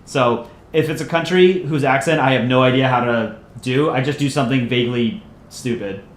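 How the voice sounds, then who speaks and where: A man's voice: medium pitch, normal speed, slight background noise. Joking, rambling male streamer. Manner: joking, rambling, self-deprecating. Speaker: livestream host and channel voice actor. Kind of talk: casual livestream chat reading viewer messages. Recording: roomy echo, faint ambience.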